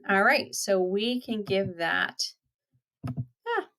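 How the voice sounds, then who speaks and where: A woman teacher reading a picture book aloud to children, pausing to point out the pictures and explain words. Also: mid-range voice, animated, a bit bright.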